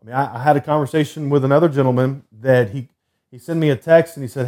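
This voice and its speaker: A man hosting a faith podcast, talking loosely and earnestly and slowing down to read scripture with emphasis, recorded at a desk setup. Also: medium pitch, darkish tone. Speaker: podcast host. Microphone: computer desk setup.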